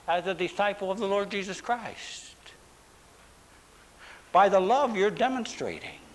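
A man preaching a sermon, stressing words with drawn-out pauses and dramatic emphasis. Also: high-pitched, poor audio. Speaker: pastor.

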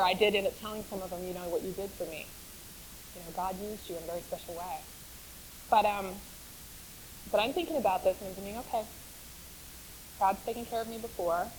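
A woman's voice: medium pitch, slight background noise, rough recording. Chatty woman telling her faith story. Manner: chatty storyteller, laughs often, repeats for emphasis. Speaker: speaker sharing her testimony. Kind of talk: personal faith testimony.

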